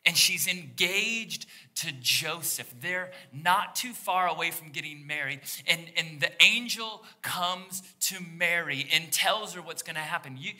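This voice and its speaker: A man's voice: on the high side, a little slow, hardly any pauses, pushed and bright. A man preaching a sermon as pastor, in a conversational way that acts out the voices of the people in the story. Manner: conversational, acts out quoted voices of biblical figures. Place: church sanctuary.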